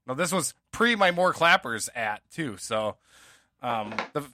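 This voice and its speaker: A man's voice: medium pitch, lively intonation, unhurried, bright, forceful tone, no echo, clean studio sound. A man co-hosting a sports podcast, talking casually and rambling with many fillers and restarts. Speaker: podcast co-host.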